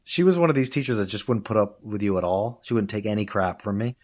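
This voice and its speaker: A man with a somewhat low voice, speaking as a guest on a conversational podcast interview. He tells lively stories, laughs often, and slips into put-on voices when he quotes people. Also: fast talker. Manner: laughs often while talking. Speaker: guest, professor of Chinese.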